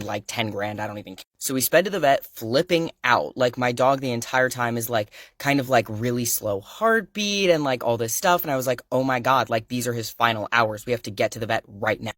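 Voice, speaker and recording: A man's voice: mid-range voice, no room sound. Young guy, casual storytime, lots of "like", dry close phone sound. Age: young adult. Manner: rambling, heavy use of "like", excitable retelling. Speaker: pet owner telling a story.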